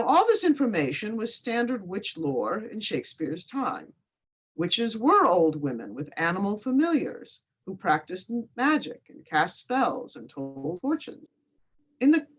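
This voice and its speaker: A woman's voice: fairly low pitch, husky. A woman professor giving a pre-show lecture, with dry, wry asides. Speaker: literature professor. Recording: slightly muffled lo-fi recording.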